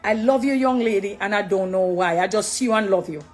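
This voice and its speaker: With a mid-range voice that runs a little fast, a middle-aged Jamaican woman talks directly to viewers in a live video. She was a dancehall artist before turning Christian, and her affectionate, preachy manner drifts between English and patois.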